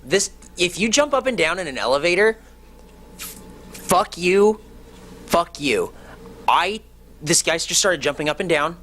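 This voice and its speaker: A man's voice: a little high, very animated, measured pace, long pauses, fairly bright tone. A man co-hosting a podcast from a hotel room, telling a story in a heated, profane way. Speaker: podcast co-host. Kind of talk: casual chat.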